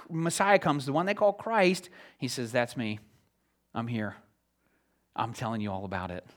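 Impassioned male preacher with a higher voice. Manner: lively, swings from loud excited retellings to hushed near-whispers. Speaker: pastor. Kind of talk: sermon.

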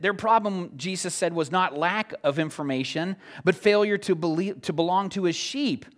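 A male pastor preaching a sermon, retelling scripture with lively swings from loud excitement to hushed, near-whispered appeals. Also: sits high.

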